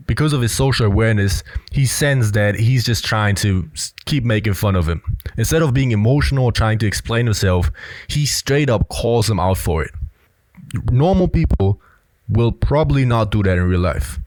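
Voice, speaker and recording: A man's voice: fairly low pitch, expressive, normal speed, darkish tone, dry recording. A man giving blunt, assertive casual commentary on a film clip, often filling with "you know". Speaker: body language commentator.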